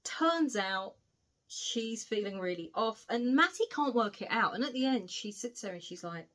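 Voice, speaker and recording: Woman, British accent, book reviewer, casual plot recap, animated, cheeky, swears, mid pitch. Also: normal speed. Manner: chatty, animated retelling with cheeky asides and swearing. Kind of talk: casual spoiler recap of a novel.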